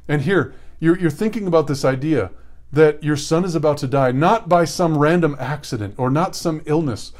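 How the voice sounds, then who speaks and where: A man preaching a sermon, retelling a scripture story earnestly with rhetorical questions and dramatic pauses. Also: a little high, darkish tone.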